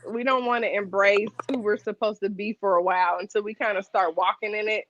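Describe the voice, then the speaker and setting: A woman guest in a casual movie chat, expressive and quick to laugh. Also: medium pitch. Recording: dull lo-fi sound with faint noise.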